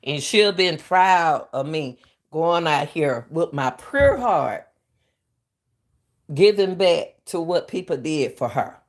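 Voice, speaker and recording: A woman's voice: low-pitched, expressive, takes it slowly. A middle-aged woman, a retired track coach, hosting live commentary. She speaks with a harsh coaching edge, impassioned and repeating herself to her viewers.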